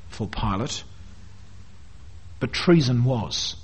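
A man teaching through a Bible passage verse by verse, with an expressive delivery that drops low at the ends of phrases. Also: measured pace, slightly rough. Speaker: preacher.

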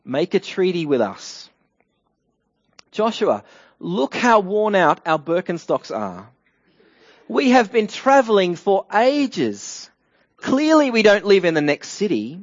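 A man's voice: sing-song, slow pace, no room sound, highs cut off, full character voice. A man putting on a sly, pleading traveler. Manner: pleading, exaggerated high voice. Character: sly male envoy faking a long journey.

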